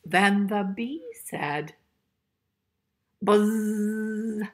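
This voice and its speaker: An older woman with a medium-pitched, sing-song voice, gravelly, husky, and a bit bright, reads a picture book to children at an unhurried pace. She chuckles playfully and poses questions to her young audience as she reads.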